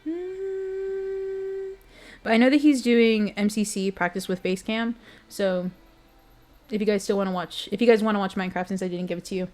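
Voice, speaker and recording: A woman's voice: medium pitch, fairly even intonation, moderate pace, a little mellow. A young woman streamer in casual chat with her viewers, giggly and emotional, talking straight to her chat.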